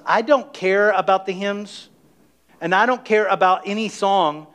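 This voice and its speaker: A middle-aged man preaching a sermon as pastor of his church, emphatic and energetic, calling on the congregation to respond. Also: sits high, a little slow. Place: church sanctuary.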